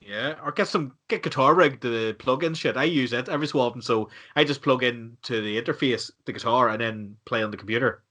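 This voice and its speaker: Man, podcast host, bright forceful tone, casual chat, quick reactions. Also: mid-range voice.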